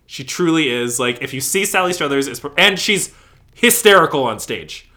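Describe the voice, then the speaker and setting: A man talking casually in an interview about his work in theater company management, animated and gushing, acting out what people said. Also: fairly high pitch, normal speed. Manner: animated, gushing storyteller who acts out quotes.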